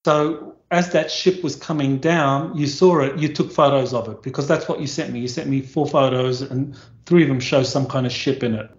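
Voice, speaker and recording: A male interview host calmly asking his guest clarifying questions. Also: mid-range voice, moderate pace, hardly any pauses. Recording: roomy, dull remote audio.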